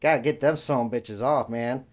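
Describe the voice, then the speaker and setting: A young man co-hosts a podcast, rambling through stories in casual chat and acting out the voices of the people he quotes. His voice is mid-range and his speed normal.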